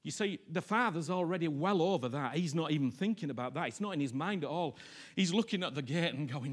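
Impassioned preacher, high husky voice. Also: male voice, animated, fairly quick. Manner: impassioned, swinging from hushed near-whispers to loud pleas; repeats phrases for emphasis. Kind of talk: sermon.

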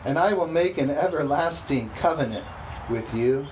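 A man's voice: a little high, expressive, a little hiss or hum, rough recording. Emphatic preaching man. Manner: slow, emphatic preaching with call-and-response. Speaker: pastor. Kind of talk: sermon.

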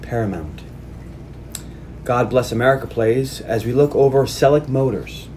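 A man's voice: medium pitch, normal speed, a little mellow, slight background noise. A man hosting a casual movie podcast who retells plot scenes and acts out the characters' lines. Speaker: podcast host.

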